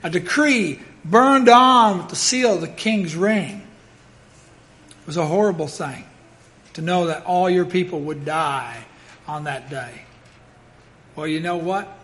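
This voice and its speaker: A man preaching a sermon in a dramatic, emphatic way, swinging between loud declarations and hushed asides. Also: fairly high pitch, unhurried, long pauses.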